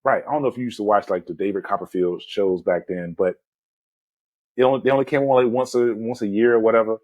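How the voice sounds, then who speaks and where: A man in his forties with a lowish voice, hosting a casual movie chat. He retells scenes with animated, rambling energy and drops "man" and "you know" constantly. The sound is dry, with no room echo. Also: quick pace, highs cut off. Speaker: movie podcast host.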